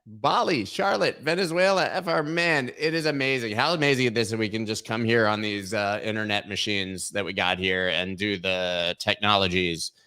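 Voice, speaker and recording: A man's voice: lowish voice, moderate pace, hardly any pauses, pushed and bright, clean tone. A man hosting a live crypto news stream in a casual chat style, joking and riffing as he talks to his viewers on a webcam. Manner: jokey and playful, riffing on silly bits. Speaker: host of a crypto news livestream. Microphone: webcam framing, sitting at camera.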